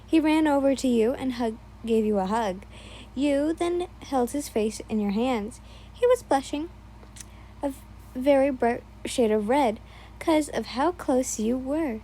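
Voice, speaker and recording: A woman's voice: high-pitched, a little slow, warm tone, a little hiss or hum, low-quality recording. Woman reading fan fiction with stumbles. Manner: stumbles over names, laughs and adds asides. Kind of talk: reading a second-person fan story aloud.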